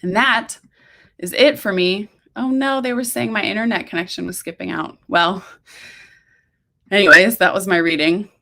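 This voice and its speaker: A woman reading her own fiction aloud at a livestream, steady with occasional stumbles and restarts. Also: medium pitch, moderate pace, vocal fry.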